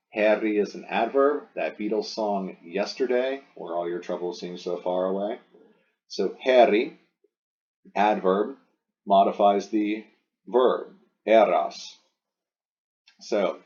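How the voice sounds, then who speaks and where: A low-voiced man talks slowly through a grammar lesson, explaining each step patiently and stopping to rephrase. The recording is dull and lo-fi. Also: darkish tone. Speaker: Latin teacher. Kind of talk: recorded lesson walking through exercise sentences.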